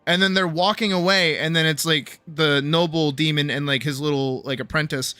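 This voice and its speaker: Guy on stream, kinda high bright voice, animated and swears a lot, dry close mic. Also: normal speed, smooth, no room sound, soft background music. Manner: animated, profane storytelling. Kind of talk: casual chat.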